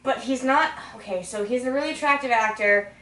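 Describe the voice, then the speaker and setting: A woman with a high voice chats casually, giggling and rambling through her answers. She fills her talk with likes and ums. The recording is roomy and echoey, with her sitting a distance from the microphone. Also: fairly quick, bright, forceful tone. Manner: giggly, rambling, lots of fillers. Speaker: interviewee. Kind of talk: casual tipsy chat.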